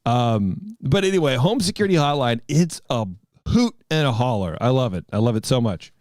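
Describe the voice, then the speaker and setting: A man's voice: mid-range voice, lively intonation, moderate pace, a little mellow, dry recording, studio quality. A man in his thirties hosting a podcast, telling a rambling story in casual chat. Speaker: podcast host.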